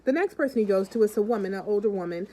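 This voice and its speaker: Chatty woman vlogger with a mellow voice. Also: medium pitch, lively intonation, rapid-fire, slight background noise, rough recording. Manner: chatty, keeps calling out to the viewers; acts out the people in her stories. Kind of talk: casual chat and storytelling to viewers.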